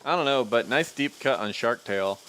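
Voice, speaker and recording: A man's voice: medium pitch, lively intonation, fairly quick, fairly bright tone, slight background noise. Dry-joking man co-hosting a cooking stream. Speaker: livestream cooking show co-host. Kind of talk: casual chat.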